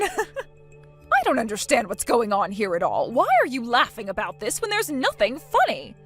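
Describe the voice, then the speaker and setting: A woman's voice: high-pitched, fairly bright tone. A woman reading both sides of a text-message quarrel as a scripted story, scornful and breaking into mocking laughter.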